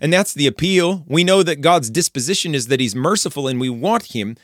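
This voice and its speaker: A man's voice: on the high side, lively intonation, a little fast, fairly bright tone, dry recording, studio quality. A man preaching on a psalm, speaking earnestly and directly to the listener. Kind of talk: radio-style Bible teaching.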